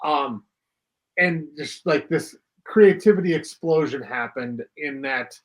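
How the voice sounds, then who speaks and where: A man's voice: on the high side, slow pace. A man co-hosting a music podcast, musing at length in casual chat with frequent fillers and hedges. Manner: rambling, reflective, hedging with fillers. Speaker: podcast co-host.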